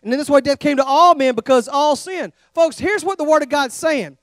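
A man's voice: extremely high pitch, fairly quick, no room sound, studio quality. A middle-aged man from Texas with a Texan accent, preaching a sermon in a church and calling out questions to the congregation. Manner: animated, calls out questions to the congregation. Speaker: traveling evangelist. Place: church sanctuary.

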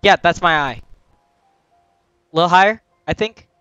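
A man's voice: high-pitched, moderate pace, bright, forceful tone, clean tone, no echo, highs cut off, soft background music. A young man chatting casually while playing a game with a friend, directing him and laughing often. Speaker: gamer.

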